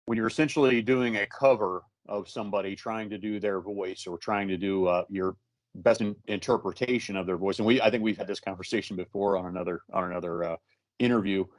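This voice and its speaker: A man co-hosting a casual interview, speaking in a relaxed, halting way with frequent restarts. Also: fairly low pitch, no echo. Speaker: co-host and musician.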